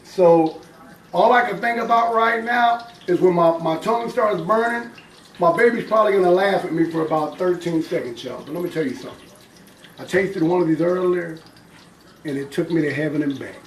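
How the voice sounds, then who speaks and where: A man with a drawl talks to his viewers in an upbeat, chatty way while cooking live, his voice sitting fairly high. The kitchen sounds hard and echoey, with running water behind him. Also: moderate pace, a little hiss or hum. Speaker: home cook hosting a live stream. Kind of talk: casual live cooking chat.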